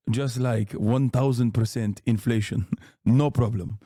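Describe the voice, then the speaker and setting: A man's voice: mid-range voice, fairly even intonation, takes it slowly, mellow, no room sound, clean studio sound, voice pushed down. A man putting on an indignant mock-Argentinian man. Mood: mock cheerful. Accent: mock Argentinian Spanish accent. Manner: mocking, exaggerated. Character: defensive Argentinian man, Nazi-descended, indignant.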